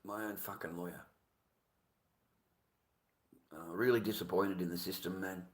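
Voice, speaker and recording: A man's voice: low voice, steady tone, a little slow, rough recording. An Australian man in a casual livestream rant who swears and keeps repeating himself in an aggrieved way.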